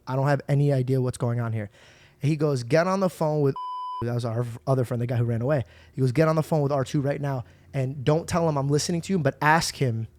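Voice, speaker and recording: A young man hosting a podcast, telling stories in a casual, animated way. He swears and acts out the people in his stories. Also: mid-range voice, no room sound. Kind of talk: casual storytelling chat.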